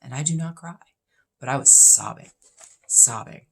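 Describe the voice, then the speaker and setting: A woman's voice: extremely low pitch, normal speed, creaky, breathy edge. A woman in her fifties, a vlogger chatting casually through a list of questions, blunt and opinionated with plenty of emphasis. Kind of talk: casual chat answering questions.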